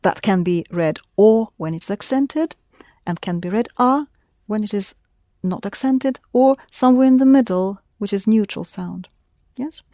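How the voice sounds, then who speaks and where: A woman's voice: medium pitch, a little slow, warm tone, no room sound, studio quality. Patient woman teaching a class. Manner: patient, prompting questions. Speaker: language teacher. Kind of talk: classroom lesson.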